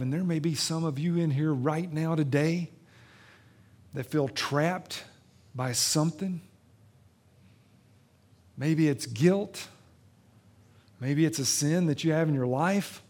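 A man preaching a sermon in a church, retelling a Bible story with dramatic swings between loud emphasis and hushed tenderness. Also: a little high, a little slow, long pauses. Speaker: pastor.

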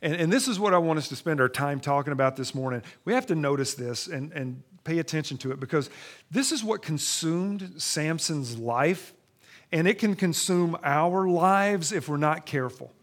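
Pastor preaching with dramatic swings. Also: male voice, on the high side, normal speed. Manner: shifts from quiet asides to loud, rising scripture reading. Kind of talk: sermon.

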